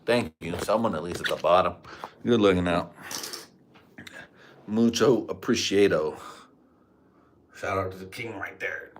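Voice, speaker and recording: A man's voice: low-pitched, measured pace, long pauses, a little hiss or hum. Crude rambling man on a home livestream. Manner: crude, rambling, trash-talking. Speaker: livestream host. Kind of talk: crude casual livestream chat. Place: room at home. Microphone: desk microphone.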